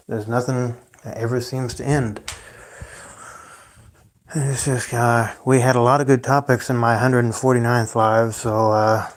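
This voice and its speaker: A young man talks loosely on a solo livestream at a middling pitch. He rambles, sighs, swears freely and lets his sentences trail off. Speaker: livestream host.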